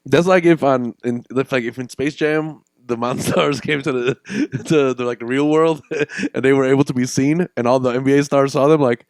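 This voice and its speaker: A man's voice: medium pitch, fairly even intonation, normal speed, no echo. A man co-hosting a podcast in casual chat, laid-back and asking questions, laughing often between remarks. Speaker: podcast co-host.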